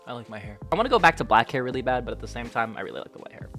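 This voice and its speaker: A man in his twenties reads fan messages aloud in a casual vlog, sarcastic and animated, jumping from muttered asides to sudden yelps. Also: a little high, fast talker, hardly any pauses, faint music behind. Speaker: content creator.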